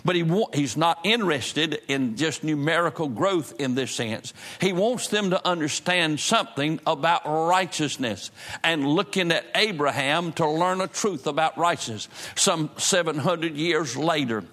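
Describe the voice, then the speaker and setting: A male pastor praying and then preaching, reading scripture slowly and with emphasis. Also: fairly high pitch, a bit bright. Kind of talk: sermon with opening prayer.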